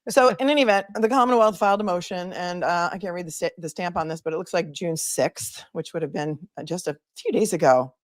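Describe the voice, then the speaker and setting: Lady lawyer hosting a live legal chat, lowish voice, dry close sound, punchy and animated. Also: a little fast, hardly any pauses, dry recording. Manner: animated, emphatic listing. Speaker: attorney and show host. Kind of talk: casual legal talk livestream.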